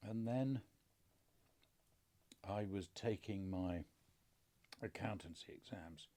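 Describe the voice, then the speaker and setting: A middle-aged father from England telling family stories in a measured, dryly humorous way. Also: sits low, dark tone. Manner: dry understated humour, measured storytelling. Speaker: podcast co-host, father. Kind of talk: casual conversation.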